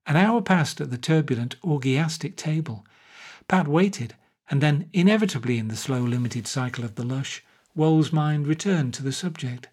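A man reading a short story aloud in a measured, wry narration. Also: a little high, expressive, darkish tone, slightly rough. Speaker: audiobook narrator. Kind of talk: scripted narration.

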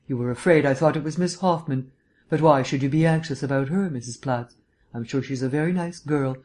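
An audiobook reader voicing an urbane, erudite gentleman detective who lectures in a polished, lightly teasing way. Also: medium pitch, close to an everyday voice. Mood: gently chiding. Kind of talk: audiobook reading.

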